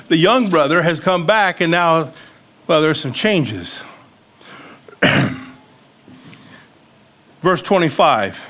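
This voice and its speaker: A man's voice: fairly high pitch, fairly bright tone. A man preaching a sermon. He reads scripture aloud and talks plainly, with emphatic questions in places. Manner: conversational, rises to emphatic questioning.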